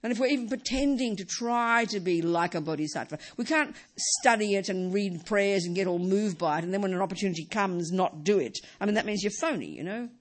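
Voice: mid-range voice, lively intonation, brisk, few pauses. A middle-aged Buddhist teacher giving a dharma talk, emphatic and repeating key phrases.

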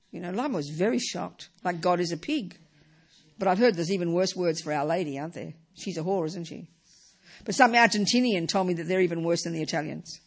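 Speaking in a slightly rough, mid-range voice, a woman delivers a Buddhist lesson as an informal dharma talk. Her style is emphatic and relaxed, and she keeps dropping in "you know" and rhetorical tag questions.

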